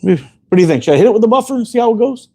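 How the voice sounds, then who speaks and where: A man's voice: high-pitched, animated, rapid-fire, mellow. A man hosting a casual show, telling rambling stories full of profanity, often laughing. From Canada. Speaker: host. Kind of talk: casual storytelling chat.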